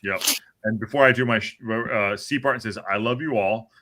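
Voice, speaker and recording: A man hosting a podcast, calling match highlights in an excitable, joking play-by-play with some swearing. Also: moderate pace, slight background noise. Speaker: podcast host. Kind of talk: casual match commentary.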